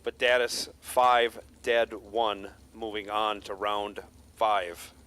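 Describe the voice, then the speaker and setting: A man doing steady play-by-play of drag races, reading names, lanes and dial-ins with dry jokes. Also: lowish voice, slow. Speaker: drag racing co-announcer. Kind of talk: live race commentary.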